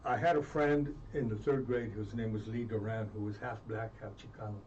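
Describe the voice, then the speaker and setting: A man's voice: on the low side, steady tone, darkish tone. Man telling stories in a distant, muffled recording. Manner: earnest, halting with many restarts. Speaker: interview guest. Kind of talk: reflective storytelling. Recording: distant muffled mic with faint noise.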